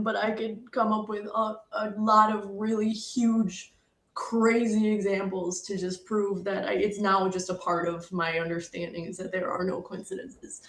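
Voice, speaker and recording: A middle-aged woman sharing a painful personal story, emotional and apologetic, fighting back tears. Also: mid-range voice. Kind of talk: personal testimony talk. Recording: echoey room.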